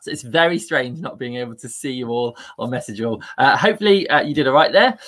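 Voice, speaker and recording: A man's voice: medium pitch, expressive, quick pace, fairly bright tone. A man hosting a live-streamed quiz, upbeat and chatty and laughing at himself. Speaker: quiz host.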